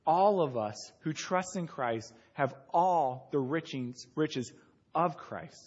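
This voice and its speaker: A man's voice: fairly high pitch, takes it slowly, a little mellow, breathy edge, muffled recording. Man preaching a storytelling sermon. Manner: storytelling, builds to emphatic peaks. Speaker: pastor.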